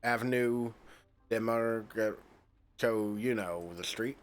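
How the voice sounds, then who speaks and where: A man voicing a bitter middle-aged rural French farmer in a flat, plain reading voice. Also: fairly low pitch, takes it slowly. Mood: curt.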